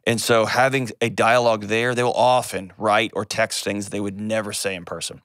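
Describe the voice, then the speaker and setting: A man's voice: fairly low pitch, little pitch movement, moderate pace, fairly bright tone, clean tone, no room sound, studio quality. A middle-aged man hosting a call-in advice show, speaking earnestly and emphatically, often repeating words for weight.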